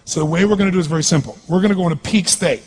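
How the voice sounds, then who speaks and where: A man's voice: high-pitched, rapid-fire, noisy background. A man giving an intense, commanding motivational speech on stage and calling for responses from the audience. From California. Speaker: motivational speaker.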